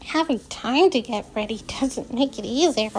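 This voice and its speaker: A woman reading aloud, voicing a gentle teenage girl who is slowly losing her sight, soft and thoughtful. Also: fairly high pitch, slight background noise, lightly acted, low-quality recording.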